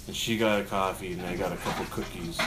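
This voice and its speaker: A man's voice: low voice, fairly even intonation, fast, noisy background. A man in casual chat who tells an anecdote and laughs often as he goes.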